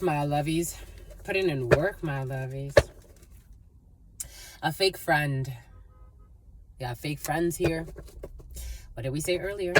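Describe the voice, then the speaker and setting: A woman with a somewhat low voice drifts through a channeled tarot reading, free-associating and calling her listeners "my lovies". She keeps breaking into little snatches of song and laughter. A faint noise sits under the recording. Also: slow pace, long pauses. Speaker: tarot reader.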